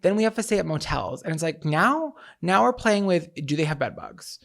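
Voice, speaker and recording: A young man co-hosting a casual podcast, teasing his partner and jumping into high quoted voices and sung bits. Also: very animated, brisk, creaky, a bit bright. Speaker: podcast co-host. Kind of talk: casual chat.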